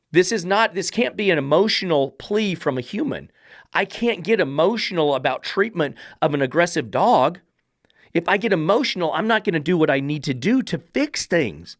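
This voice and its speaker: A middle-aged man with a fairly high voice gives a dog trainer's blunt, sarcastic commentary. He talks straight at the listener, swearing at times, and the sound is dry and close, with no room echo. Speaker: dog trainer hosting a podcast. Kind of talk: commentary reacting to a read-out text.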